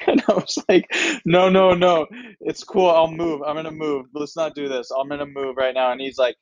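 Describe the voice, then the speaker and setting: A man's voice: a little high, level tone, moderate pace, no room sound, dull audio. A man, a comedian guest, telling a story in casual chat and acting out other people's lines.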